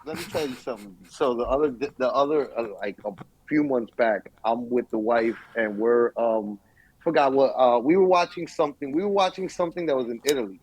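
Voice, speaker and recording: A young man co-hosting a podcast in casual chat, telling stories with lively acted-out quotes. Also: medium pitch, brisk, husky, poor audio. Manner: animated storytelling, acts out quotes. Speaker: podcast co-host.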